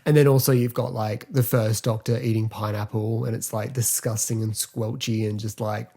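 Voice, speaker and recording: Male podcast host, casual and rambling, warm mellow tone. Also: lowish voice, level tone, vocal fry. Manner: chatty, rambling, filler-heavy, quick to laugh. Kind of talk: casual solo podcast review.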